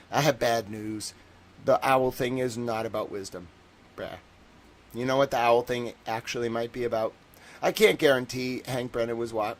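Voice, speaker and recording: A man hosting a livestream, rambling and joking casually, with lots of filler words. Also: lowish voice. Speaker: livestream host.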